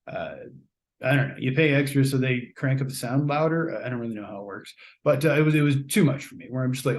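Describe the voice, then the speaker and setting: A man's voice: mid-range voice, fast, a little mellow. An American man, a podcast host, gives a casual, rambling spoken film review with many fillers and restarts. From United States.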